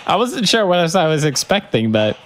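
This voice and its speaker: A man's voice: a little high, sing-song, a little fast, a little hiss or hum. A man streaming his reaction to a film, joking and swearing through a casual running commentary, with film music playing behind him. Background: film music and sounds.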